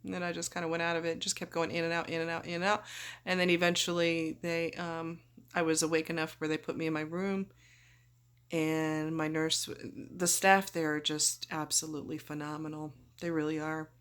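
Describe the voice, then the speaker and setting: A woman's voice: sits low, little pitch movement, moderate pace, fairly bright tone, clean tone. A woman vlogging after surgery, groggy and chatty, rambling through her story and acting out what people said. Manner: chatty, rambling, acts out quoted voices. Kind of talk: casual storytelling.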